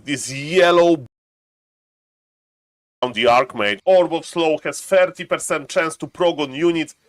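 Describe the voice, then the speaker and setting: A man's voice: fairly high pitch, a little slow. A man streaming live, walking viewers through a strategy game test step by step and greeting his chat.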